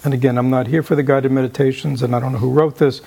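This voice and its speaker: A man giving a meditation talk and answering questions, halting with many fillers and asking "right?" often, sometimes dropping to a whisper. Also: medium pitch, fairly even intonation, creaky, warm tone, husky. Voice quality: often drops to an unvoiced whisper. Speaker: meditation teacher.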